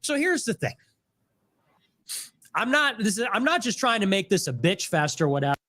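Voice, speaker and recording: Guy cohosting a live stream, blunt and offhand, pitch jumping around, dry close sound. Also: sing-song, moderate pace, pushed and bright, dry recording. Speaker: co-host.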